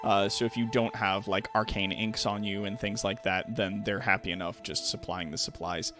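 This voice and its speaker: A man's voice: fairly low pitch, fairly even intonation, moderate pace, over music. A man narrating a tabletop game as game master, casual with many fillers.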